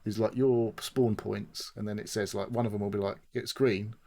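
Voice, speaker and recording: A man with a fairly low voice chats casually on a gaming podcast. He rambles, swears freely and slips into acting out what people said. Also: steady tone, moderate pace, dark tone. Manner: rambling, swears a lot, acts out quotes. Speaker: podcast co-host.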